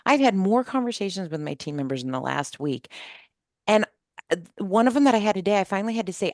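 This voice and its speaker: A woman's voice: mid-range voice, fast talker, no room sound, clean studio sound. A woman on a podcast panel speaking emphatically about her team, acting out what people say. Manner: emphatic, animated, quotes people in dialogue. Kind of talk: casual panel discussion.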